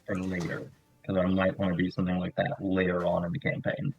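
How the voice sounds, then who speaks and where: A man's voice: low-pitched, monotone, a little fast, creaky, husky, no room sound, muffled recording, faint music behind. A man playing a tabletop role-playing game, asking about rules and jumping into a mock-polite in-character voice. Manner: curious, jokey, slips into a mock-posh character voice. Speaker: player.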